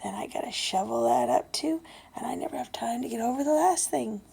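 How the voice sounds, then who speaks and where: Gravelly fifty-year-old woman, blunt and swearing. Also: on the high side, fairly quick. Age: 50s. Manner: blunt, heavy swearing, hushed and breathy then loud. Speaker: vlogger. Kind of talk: candid personal vlog.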